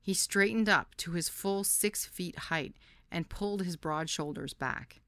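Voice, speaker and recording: A woman's voice: lowish voice, unhurried, fairly bright tone, no echo. Candid woman telling her own story. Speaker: podcast host. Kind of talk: first-person memoir narration.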